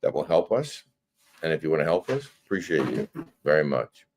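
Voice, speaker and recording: A man with a very deep voice chats casually on a live stream. He tells a funny story in a dry, wry way. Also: very animated, brisk, darkish tone, a little hiss or hum. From United States. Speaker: co-host.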